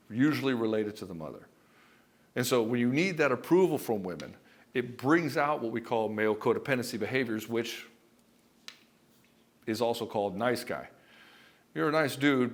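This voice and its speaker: A man coaching husbands in a direct, blunt and emphatic talk, with casual swearing and stories from his own marriage, calling the listener brother. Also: mid-range voice. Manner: addresses the viewer as brother; tells personal anecdotes. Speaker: relationship coach.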